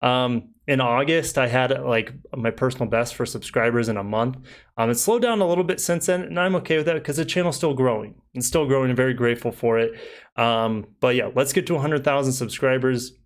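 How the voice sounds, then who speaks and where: A man's voice: mid-range voice, a little fast. Easygoing man chatting on a live stream. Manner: easygoing, rambling, with many fillers. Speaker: car reviewer and channel host. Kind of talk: casual live stream chat reading comments.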